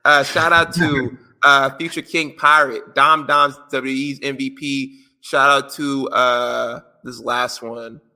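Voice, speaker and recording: A man's voice: mid-range voice, creaky, pushed and bright. A man co-hosting a podcast in casual chat, reading out listener answers in a joking, slangy, playful way. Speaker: podcast co-host.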